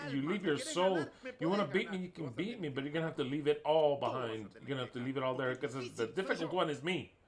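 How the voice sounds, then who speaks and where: A man on an angry, profane rant, speaking with heat and scorn. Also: a little high. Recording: crowd audible behind.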